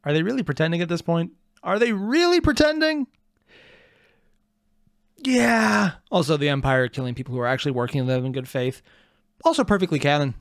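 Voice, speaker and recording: A man comments casually on a video with wry, rambling asides. His somewhat high voice swings widely. It is recorded dry and close. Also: expressive, quick pace, creaky, dry recording. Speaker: reaction video host.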